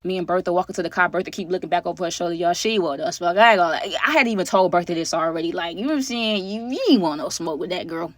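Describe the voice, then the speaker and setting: A young woman, telling an animated storytime to her viewers on a close mic. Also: lowish voice, rapid-fire, few pauses, dry recording. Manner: animated, addresses viewers as y'all. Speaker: storytime vlogger. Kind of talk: casual storytime.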